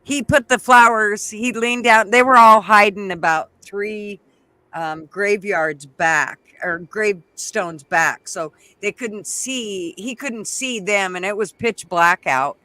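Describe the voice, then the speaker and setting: An older man with a high, bright voice, talking in a loose, chatty way. He laughs easily and tells stories in a rambling, casual style, recorded dry and close. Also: slow, dry recording. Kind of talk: casual chat, storytelling.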